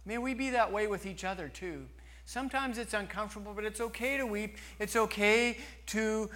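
A man preaching a sermon slowly and earnestly, with long pauses. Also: sits high, sharp tone. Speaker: pastor.

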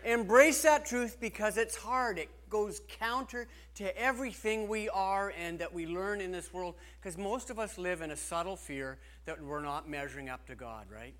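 A man's voice: high-pitched, normal speed, hardly any pauses, fairly bright tone. A man preaching a sermon as pastor, talking earnestly and conversationally, often restarting his sentences.

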